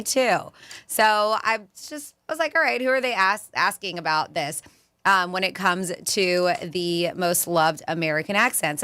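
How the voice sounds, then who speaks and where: On the radio, a female co-host from Florida chats easily and laughs occasionally as she reads through a survey list. Her mid-range voice sounds pushed and bright, and the recording is dry.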